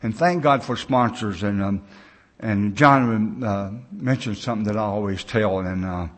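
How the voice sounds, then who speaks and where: A man's voice: fairly low pitch, measured pace. An older American man sharing a recovery story at a conference, a plain-spoken, folksy storyteller who acts out the voices of the people in his tale. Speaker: recovery meeting speaker. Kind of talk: personal recovery story told to a conference crowd. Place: large conference gathering.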